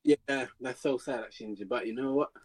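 A man co-hosting a casual podcast chat, giving emphatic, animated opinions. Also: mid-range voice, fast, husky. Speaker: podcast co-host.

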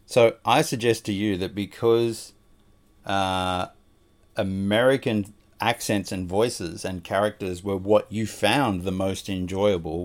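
Gentle low-voiced man. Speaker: podcast host. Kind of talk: casual chat.

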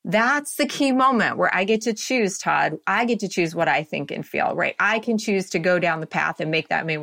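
Brief: woman in her fifties, coaching guest, lively and chatty, tags lines with "right?". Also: mid-range voice, normal speed. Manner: animated, laughs often, says "right?" a lot. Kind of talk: conversational interview.

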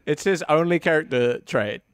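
A man co-hosting a casual podcast, making dry, deadpan remarks. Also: on the high side, normal speed, clear, resonant tone, no room sound. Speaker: podcast co-host. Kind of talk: casual chat.

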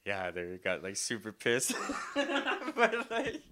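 Young man, podcast co-host, bright voice, lively pitch, laughs a lot. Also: slow pace. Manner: laughs often, acts out quotes. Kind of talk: casual chat.

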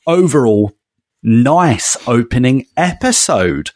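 A man co-hosting a podcast in casual chat, chatty and quick to laugh, calling people "mate". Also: medium pitch, animated, dry recording, studio quality. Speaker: podcast co-host.

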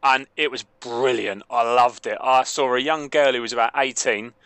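A man's voice: medium pitch, normal speed, clear, resonant tone, no room sound. A talkative man co-hosting a football podcast, telling stories in casual chat. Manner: chatty, animated. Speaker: podcast co-host.

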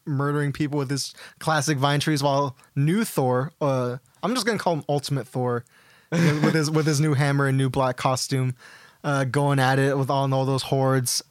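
A man co-hosting a podcast, chatting casually about a film, excitable, laughing, and trailing off mid-sentence. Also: medium pitch, normal speed, no room sound, clean studio sound. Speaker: podcast co-host. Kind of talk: casual movie chat.

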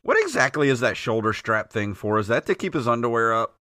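A man's voice: mid-range voice, expressive, a little fast, sharp tone. A man co-hosting a casual podcast commentary, teasing and asking curious questions. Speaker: podcast co-host.

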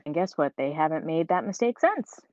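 Low-voiced woman chatting bluntly. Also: big pitch swings, a little fast, a little mellow, no room sound. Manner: blunt, laughs often, swears casually. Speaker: podcast co-host. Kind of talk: casual chat. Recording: dull lo-fi recording.

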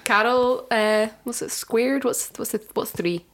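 A young woman from Scotland co-hosting a casual podcast chat, giggly and animated as she tells stories. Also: on the high side, a little slow. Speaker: podcast co-host.

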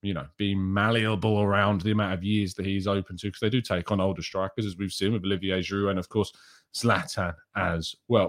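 A man's voice: deep voice, fairly even intonation, brisk. A man hosting a casual football podcast livestream, chatting away and reading out viewers' names and messages. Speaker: podcast host.

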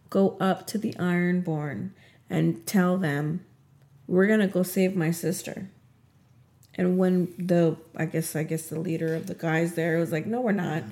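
A woman casually recapping a TV episode, retelling scenes in an animated way and acting out what the characters say. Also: lowish voice. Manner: animated retelling, acts out quotes.

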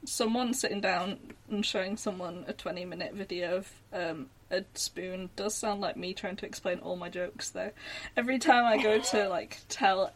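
A woman's voice: mid-range voice, normal speed, a little hiss or hum, poor audio. A young woman in a casual podcast chat, self-mocking and giggly.

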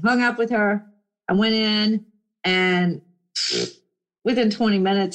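A middle-aged woman chatting casually to her viewers, bubbly and animated, slipping into playful voices for quoted people. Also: medium pitch, normal speed. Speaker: vlogger.

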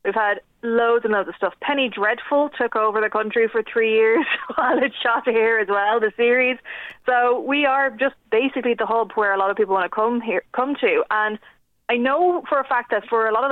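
A woman's voice: fairly high pitch, brisk, no room sound. Irish woman rattling on about movies, tinny phone-line sound, dry. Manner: chatty, animated, laughs often. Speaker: film news editor guest. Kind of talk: casual radio interview.

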